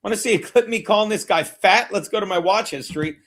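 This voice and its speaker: Foul-mouthed high-voiced male streamer. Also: fast, fairly bright tone. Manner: profane, rambling, mutters while fiddling with browser; brash and mocking. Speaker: streamer hosting a betting watchalong. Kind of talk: live-stream commentary and chat.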